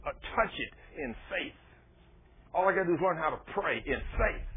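A man's voice: a little high, slight background noise. A man preaching a folksy, emphatic sermon and reading from scripture. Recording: tinny phone-like radio broadcast.

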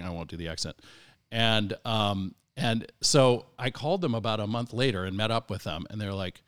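A man's voice: on the low side, brisk, fairly bright tone, clear, resonant tone, no echo, studio quality. A man from the area, a podcast guest telling a long anecdote in a chatty, rambling, self-amused way with many fillers. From Boston area, US. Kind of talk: casual anecdotal storytelling.

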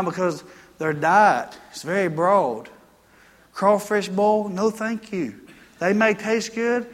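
A man's voice: high voice, fairly bright tone, big-room sound. A man preaching a sermon, mixing folksy country stories with emphatic preaching. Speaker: pastor.

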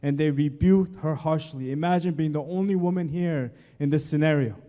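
A man's voice: a little high, normal speed, warm tone. A male pastor preaching a sermon, addressing the congregation directly and driving points home by repeating key words and lists. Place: church sanctuary. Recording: long church hall reverb.

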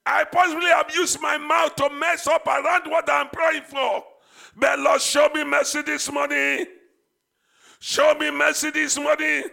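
High, gravelly pastor shouting prayers. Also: male voice, level tone, a little slow. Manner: shouted, fervent praying with repeated phrases. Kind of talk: sermon, leading congregational prayer. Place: church service.

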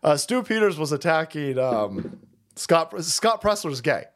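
Profane, animated male livestream host. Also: fairly high pitch, a little slow. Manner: swears constantly, laughs often, animated storytelling. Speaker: livestream host reading chat. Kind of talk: profane casual rant.

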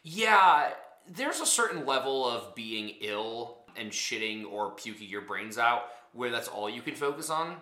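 A man's voice: mid-range voice, expressive, a little slow, bright, forceful tone, roomy sound. A man co-hosting a podcast, chatting casually and rambling, hedging his points with many fillers. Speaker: podcast co-host. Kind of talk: casual chat.

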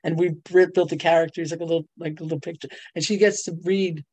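Middle-aged woman, bubbly storyteller, dry close sound, animated guest. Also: fairly low pitch, fast, no room sound, highs cut off. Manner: bubbly storyteller, laughs often, voice jumps up on punchlines. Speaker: guest, ghostwriter and publisher. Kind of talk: animated casual interview talk.

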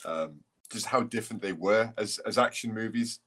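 A man co-hosting a podcast, chatting in a relaxed way, sharing film trivia and swearing casually. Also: lowish voice, normal speed, husky. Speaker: podcast co-host. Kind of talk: casual chat.

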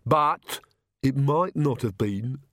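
A haughty male castle servant from a comic storybook, grumbling and slow, voiced by a male reader. His lines come out measured and sour, in a dry, close recording. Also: medium pitch, lively intonation, fairly bright tone, no room sound, pitched above the performer's own voice.

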